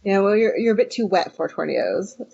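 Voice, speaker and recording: A woman with a mid-pitched voice, co-hosting a casual podcast chat in a wry, relaxed way and laughing often. She is from California. The sound is dull and lo-fi. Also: a little fast, gravelly, husky. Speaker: podcast co-host.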